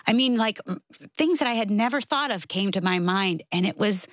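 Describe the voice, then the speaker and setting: A woman's voice: medium pitch, animated, moderate pace, no room sound, clean studio sound. A middle-aged woman telling a family story in a casual faith conversation, acting out the people she quotes. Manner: storytelling, acts out quoted voices.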